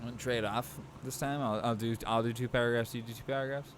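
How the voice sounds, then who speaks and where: A man's voice: medium pitch, steady tone, quick pace, slight background noise. A man co-hosting a podcast, chatting casually and thinking aloud with lots of fillers. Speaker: podcast co-host. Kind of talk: casual chat.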